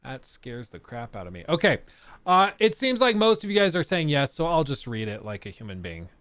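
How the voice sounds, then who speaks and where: A man's voice: on the high side, sing-song, a little fast, a bit bright, smooth, no echo. A young man streaming live, chatting casually and laughing as he reacts to a game trailer and explains technical details.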